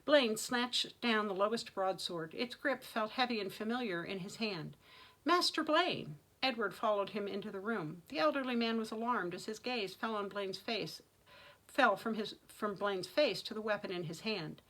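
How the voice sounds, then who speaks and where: Bright, dramatic woman reading fantasy aloud. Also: mid-range voice, moderate pace, rough recording. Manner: dramatic, expressive narration. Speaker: author reading her own novel. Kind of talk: audiobook-style fantasy reading.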